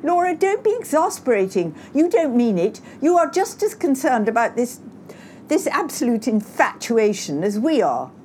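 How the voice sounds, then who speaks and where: A woman's voice: a little high, very animated, normal speed, a little mellow, slight background noise, voice pushed up. A woman doing a bossy, exasperated daughter. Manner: emphatic, pointed.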